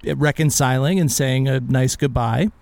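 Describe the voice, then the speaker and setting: A man's voice: medium pitch, fairly even intonation, unhurried, gravelly, a little mellow, dry recording. A man co-hosting a podcast in casual chat, leading the discussion with questions and plenty of fillers. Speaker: podcast co-host.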